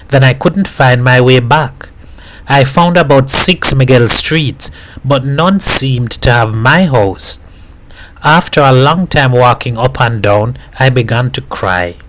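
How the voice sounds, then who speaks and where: Jamaican guy reading a novel out loud, steady mid-pitched voice. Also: slight background noise, low-quality recording. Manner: steady storytelling, voices the characters. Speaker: reader.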